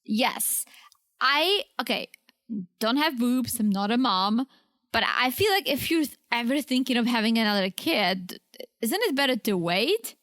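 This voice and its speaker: High-voiced chatty woman podcaster. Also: unhurried, no echo, clean studio sound. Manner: animated storyteller, acts out both sides of phone calls. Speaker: podcast co-host. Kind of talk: casual chat recapping a reality show.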